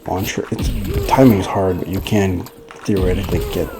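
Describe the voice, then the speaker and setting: Man, casual gameplay commentary, deep, faint background hiss, rambling with fillers. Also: steady tone, brisk. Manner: rambling, loose, with many fillers and restarts. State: out of breath. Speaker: gaming guide creator.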